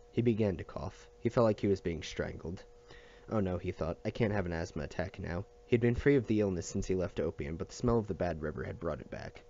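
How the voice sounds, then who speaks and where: A man reading a novel aloud at a steady pace, with small restarts and slips. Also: low voice, highs cut off, slight background noise. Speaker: audiobook reader.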